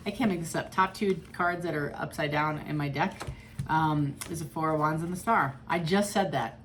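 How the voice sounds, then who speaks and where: Woman, low voice, casual tarot reading, blunt, swears, chatty. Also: moderate pace, a little hiss or hum. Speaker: tarot reader.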